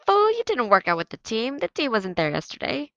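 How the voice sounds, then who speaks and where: A woman's voice: medium pitch, fairly quick, fairly bright tone, no echo, highs cut off, natural voice. A woman reading aloud and voicing a cocky, mocking teenage boy who leads the soccer team. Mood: swaggering. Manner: taunting, swaggering.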